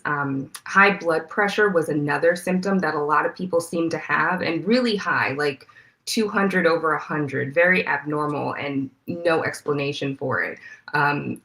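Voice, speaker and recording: A woman reporter being interviewed as a guest, explaining her investigation in a clear, steady way. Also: low voice. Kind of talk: interview answers.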